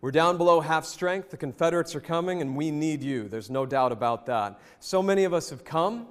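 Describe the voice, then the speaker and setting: A man reciting a Civil War colonel's speech to his troops in a low, solemn, steady voice. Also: brisk, long reverb tail, lightly acted.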